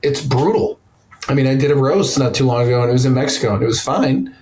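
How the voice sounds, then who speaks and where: A man's voice: medium pitch, animated, fast, darkish tone, low-quality recording. Rambling man telling comedy stories. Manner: loose, rambling storytelling with blunt profanity. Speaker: comedian guest. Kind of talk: casual podcast chat.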